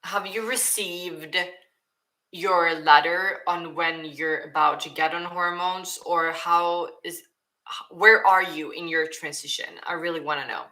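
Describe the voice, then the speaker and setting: A woman's voice: low voice, steady tone, a little slow, pushed and bright. A woman streamer, chatting casually and reading viewer questions aloud, often restarting her sentences. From Sweden. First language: Swedish. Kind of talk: casual livestream Q&A.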